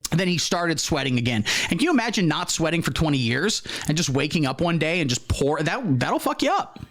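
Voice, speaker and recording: A man hosts a satirical comedy show, reacting in a deadpan, mock-earnest tone while playing naive. His voice sits a little high, and his pitch moves around a lot. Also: brisk. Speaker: comedy host. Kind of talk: satirical mock-serious commentary.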